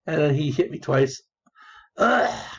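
Gravelly and breathy, a slightly high male voice with lively intonation talks slowly through an online strategy game. The casual commentary rambles, loops back on phrases and is full of swearing and giggles, all in dull lo-fi sound.

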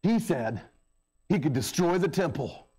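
A man's voice: fairly high pitch, expressive, unhurried, warm tone, breathy edge. A middle-aged male pastor preaching a sermon in a church, talking in a conversational way with filler words and raising his voice when he mocks a crowd. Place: church sanctuary. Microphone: handheld or stand microphone.

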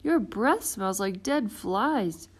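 A woman voicing a stern, grumpy woman frog doctor who speaks slowly and firmly. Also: medium pitch, expressive, pitched above the performer's own voice. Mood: dry.

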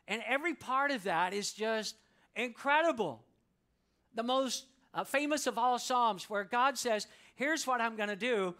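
Male pastor, high bright voice, slow and emphatic when reading scripture. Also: expressive. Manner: preaching with congregation call-and-response, slows to read scripture. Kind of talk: sermon. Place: church sanctuary.

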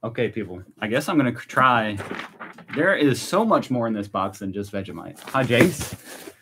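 An American man chatting casually and excitedly on a live stream while tasting snacks. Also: mid-range voice, moderate pace, noisy background. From United States. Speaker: vlogger.

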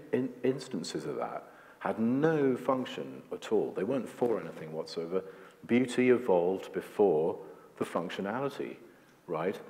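A man's voice: on the low side, darkish tone. A man speaking as guest at an onstage talk before an audience, rambling and jokey, full of "like" and restarts. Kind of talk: onstage conversation before a screening. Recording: long hall reverb.

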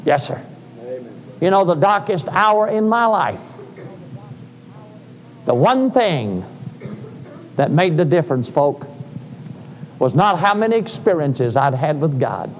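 A man's voice: fairly high pitch, very animated, slow, long pauses, slight background noise. An older man, preaching a sermon in a folksy storytelling way that rises to fervent cries. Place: church sanctuary. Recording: live sermon in a reverberant church.

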